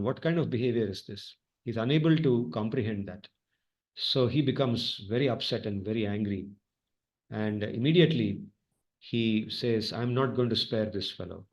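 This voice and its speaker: A man teaches a scripture class by telling stories with plenty of expression. He slips Hindi phrases into his English, and his voice sits at a middle pitch. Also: moderate pace.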